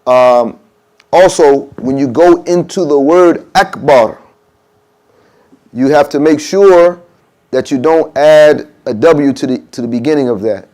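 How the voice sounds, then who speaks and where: In a mosque room, a man teaching an adhan workshop speaks casually, often checking in with "okay?" and saying pronunciations aloud to demonstrate. His voice is on the high side and warm, a little slow.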